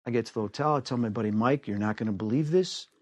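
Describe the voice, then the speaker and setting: A man from the United States telling a personal story in an animated way, acting out the voices of the people in it. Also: fast, no room sound. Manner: acts out quoted voices with big pitch swings. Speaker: storyteller guest.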